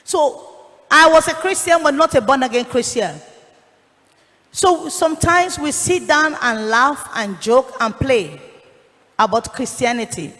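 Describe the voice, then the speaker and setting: A woman's voice: sits high, lively intonation, measured pace, fairly bright tone. A woman giving an earnest church testimony, telling her story with a raised, pleading voice. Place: church hall. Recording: long hall reverb.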